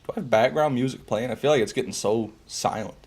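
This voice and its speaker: With game music running in his streaming setup, a man talks fast in a mid-range, darkish voice while he plays. He jokes around with chat, laughs a lot and keeps restarting his phrases in this casual live commentary.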